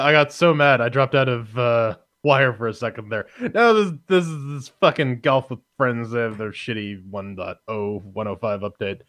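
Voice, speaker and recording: A man co-hosting a casual gaming podcast, excitable, stammering over restarts and swearing heavily. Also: medium pitch. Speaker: podcast co-host.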